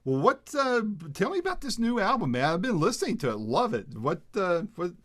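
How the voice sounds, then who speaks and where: A man hosting a casual interview, asking questions in a relaxed way and laughing along with his guest. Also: sits high, fairly quick. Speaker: interviewer host.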